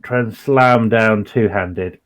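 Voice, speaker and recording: A man's voice: lowish voice, takes it slowly. A man playing a tabletop game, describing what his character does in a hesitant way with many fillers. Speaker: player.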